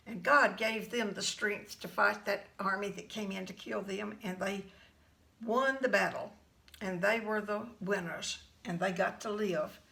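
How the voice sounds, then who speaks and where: A woman teaching a children's Bible class, telling the story gently, with fillers. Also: mid-range voice, steady tone, measured pace, gravelly, poor audio.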